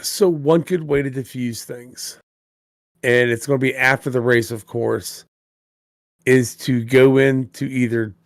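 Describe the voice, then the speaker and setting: Slow gravelly man. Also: medium pitch, steady tone, no echo, clean studio sound. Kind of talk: casual livestream chat.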